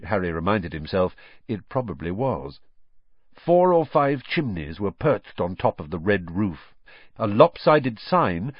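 Husky, lively male storyteller. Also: mid-range voice, dry recording, highs cut off. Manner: expressive, lilting storytelling. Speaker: audiobook narrator. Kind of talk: storybook narration.

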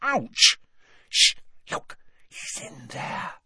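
A man's voice: high-pitched, very animated, unhurried, pushed and bright, slightly rough, no room sound, clean studio sound, pitched above the performer's own voice, heavily acted. A man reading an audiobook, raising his voice to play an anxious, clever teenage girl who speaks in urgent whispers. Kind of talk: audiobook character voice.

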